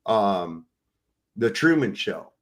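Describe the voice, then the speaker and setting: Profane, animated man venting on a livestream. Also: lowish voice, takes it slowly. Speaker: livestream co-host. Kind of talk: casual live-stream chat.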